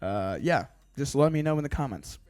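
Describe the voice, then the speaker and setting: A young British man putting on an American accent, ranting to camera in a rambling, stammering way, swearing and mocking himself deadpan. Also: mid-range voice, normal speed, no echo. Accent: put-on American. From Britain. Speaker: YouTuber. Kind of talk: casual rant to camera. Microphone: desk studio microphone.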